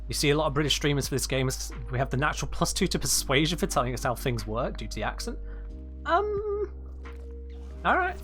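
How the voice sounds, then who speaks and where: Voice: mid-range voice, very fast, hardly any pauses, a bit bright, soft background music. A streamer chatting casually with viewers while playing a game live.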